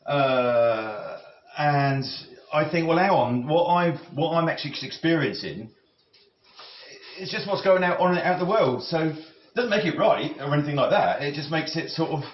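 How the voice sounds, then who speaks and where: Brief: male cooking vlogger, rambling, halting restarts, slightly higher voice, roomy dull-sounding kitchen audio. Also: expressive, a little hiss or hum. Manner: musing, halting, with frequent restarts. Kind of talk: rambling talk while cooking.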